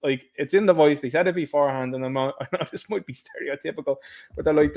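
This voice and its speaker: Irish male commentator, higher-pitched, sarcastic and lively, casual solo rant. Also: quick pace. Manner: animated, sarcastic, laughs at his own jokes. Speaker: political commentator. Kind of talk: casual political monologue.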